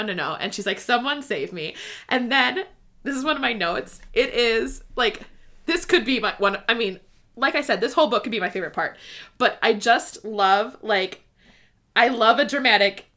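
Bright-voiced gushing woman in casual chat. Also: medium pitch. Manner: gushing, animated, swears freely, reads passages aloud. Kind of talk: casual book discussion chat.

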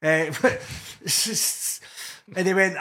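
Scottish male comedian, slightly higher voice, crude joking banter. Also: very slow, sharp tone. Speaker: comedian, podcast co-host. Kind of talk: casual chat.

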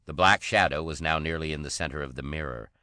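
Very deep-voiced male audiobook narrator. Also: quick pace, bright, forceful tone, dry recording, clean studio sound.

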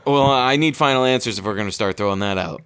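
Chill guy running a quiz w/ his buddies, lowish voice, dry close sound, lots of ums. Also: fast, fairly bright tone, clean tone, no room sound. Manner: laid-back, hesitant with many fillers, swears casually. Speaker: quiz host. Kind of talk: casual podcast chat.

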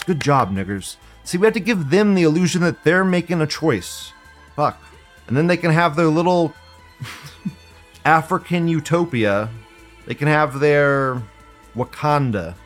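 A man rants on a live stream in a fairly high voice, profane and sardonic, and he laughs often. Faint music plays behind him. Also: lively intonation, unhurried. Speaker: live-stream host reading viewer comments. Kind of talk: casual live-stream rant.

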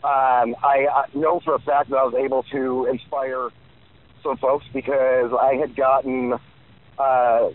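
A man's voice: mid-range voice, little pitch movement, unhurried. Man in his forties, interview guest, rambling with fillers, thin phone-line sound. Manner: rambling, many fillers and restarts. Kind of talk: casual interview answers.

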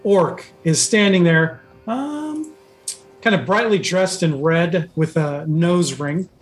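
High-voiced male game master, loose and rambling delivery. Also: lively intonation, slow pace, soft background music. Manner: rambling, with many fillers and restarts. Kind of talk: narrating a tabletop game.

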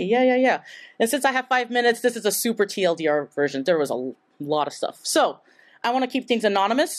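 A young woman from Taiwan telling a story on stage at a live event, chatty and casual, full of "like" and laughing often. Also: mid-range voice. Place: live event in front of an audience.

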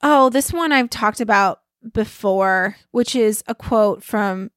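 A woman's voice: medium pitch, slow pace, a bit bright, dry recording, clean studio sound. A woman host telling a personal story in a casual motivational talk, chatty and addressing listeners as y'all. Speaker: podcast host and life coach.

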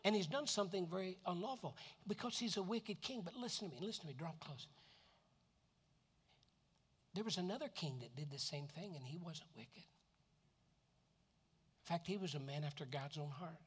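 High, animated preacher in an echoing hall. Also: male voice, moderate pace, pauses often, husky. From Florida. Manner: animated, repeats words, acts out quotes. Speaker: pastor. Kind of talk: sermon. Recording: long reverb of a hall.

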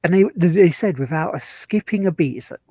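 A man's voice: on the high side, expressive, fairly quick, warm tone, husky, dry recording. A man, co-hosting a gaming stream and telling a rambling story. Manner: rambling, laughs at own stories. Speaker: co-host. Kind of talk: casual chat, storytelling.

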